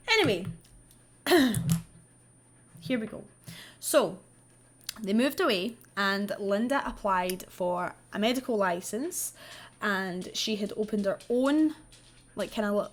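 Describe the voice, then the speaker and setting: A woman, the host, telling a true-crime story in a chatty, sweary way with wry asides while she does her makeup. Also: mid-range voice. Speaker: vlogger.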